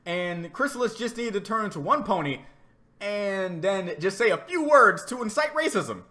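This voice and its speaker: A man giving a rambling, animated reaction commentary, laughing often and repeating himself as he talks. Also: high-pitched, moderate pace. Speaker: reaction video host.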